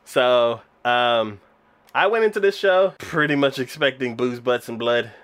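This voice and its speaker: Animated, laughing man retelling a show. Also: mid-range voice, takes it slowly. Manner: animated, laughs often, many fillers like "um" and "like". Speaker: podcast co-host reviewing anime. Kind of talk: casual chat.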